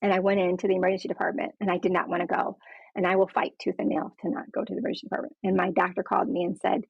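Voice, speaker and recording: A woman shares her own story as a patient, speaking frankly and earnestly in conversation and acting out the people she quotes. Her voice is on the low side, gravelly and slightly rough, with a level tone and a very fast pace. The recording sounds dull, lo-fi and dry.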